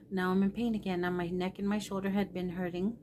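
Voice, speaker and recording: A woman's voice: mid-range voice, level tone, moderate pace, darkish tone, a little hiss or hum. A middle-aged woman vlogger telling a personal story in a candid, rambling, emotional way.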